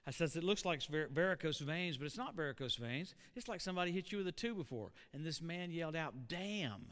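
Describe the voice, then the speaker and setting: A man preaching a storytelling sermon to a church congregation, animated and putting questions to the room. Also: fairly high pitch, quick pace. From Oklahoma. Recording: echoey church hall.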